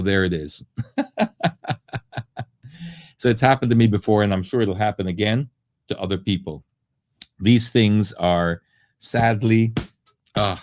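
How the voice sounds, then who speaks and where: A man hosting a live question-and-answer stream, telling a story in a chatty, animated way and acting out the people in it. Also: low-pitched. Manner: animated, acts out the people in his stories; conversational, with frequent asides and fillers. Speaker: host answering viewer questions.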